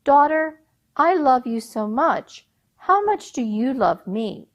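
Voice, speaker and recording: A proud, touchy emir who questions and then orders people about, as a woman storyteller puts him on. His voice swings widely in pitch and his delivery is slow and deliberate. He sounds like a king in a told folk tale. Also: very animated, full character voice. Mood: asking fondly. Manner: demanding, then angry and commanding. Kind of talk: oral storytelling.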